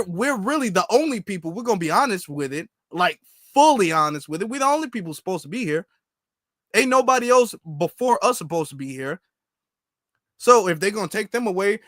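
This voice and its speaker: High-voiced exasperated male commentator. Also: fairly bright tone, dry recording, clean studio sound. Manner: exasperated, mocking, repetitive. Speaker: commentary channel host. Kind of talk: reaction commentary on clips.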